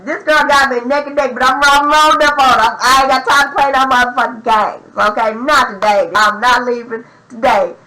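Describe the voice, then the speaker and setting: A young adult woman telling a profane, slang-heavy story in an animated, casual storytime vlog. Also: sits high, normal speed, hardly any pauses, rough recording. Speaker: vlogger.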